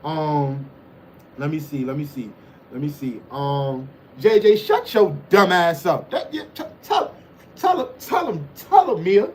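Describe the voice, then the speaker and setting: A man hosts a livestream and riffs on the chat in loose, teasing banter. His voice sits high for a man. A faint hiss of noise runs underneath. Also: animated, a little slow, darkish tone. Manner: loose, teasing banter with frequent "you know what I'm saying". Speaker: livestream host reading chat.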